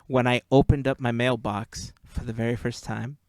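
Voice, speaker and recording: A man's voice: medium pitch, flat delivery, a little mellow, no echo. A man hosting a podcast, chatting casually and telling stories with easy laughs. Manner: chatty, laughs easily, drawn-out storytelling. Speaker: podcast host. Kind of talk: casual chat.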